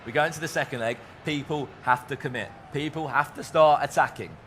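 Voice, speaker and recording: A man co-commentating on a football video game final, animated and chatty. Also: fairly high pitch, brisk, noisy background. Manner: animated, bursts into shouting on goals. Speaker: esports co-commentator.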